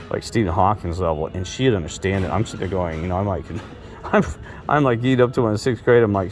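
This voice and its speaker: A man's voice: low-pitched, darkish tone. A middle-aged man rambling through personal stories on his vlog, circling back and restarting his sentences with lots of fillers. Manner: meandering, repeats himself, many fillers and restarts. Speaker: vlogger.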